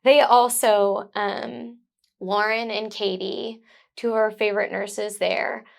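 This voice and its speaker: A woman's voice: medium pitch, level tone, slow, gravelly. A young mother as a guest in an interview, speaking in a heartfelt, effusive way. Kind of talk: conversational interview.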